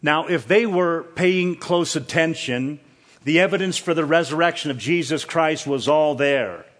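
A man's voice: on the high side, unhurried, a bit bright. A man preaching a sermon in a church, earnest and repeating words for emphasis. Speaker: pastor. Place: church with screens.

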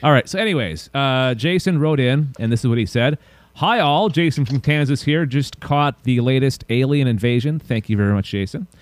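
A man's voice: mid-range voice, lively intonation, normal speed, no room sound. A man hosting a podcast, rambling and joking around while reading announcements and listener mail. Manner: goofy, rambling, self-mocking. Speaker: podcast host. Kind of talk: casual podcast chat.

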